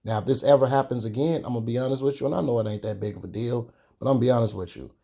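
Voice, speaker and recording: A young man talks candidly to his vlog viewers. His voice is mellow and warm at an ordinary pitch. He tells his story in a chatty way, with drawn-out pauses. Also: gravelly. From Chicago. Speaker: sneaker vlogger.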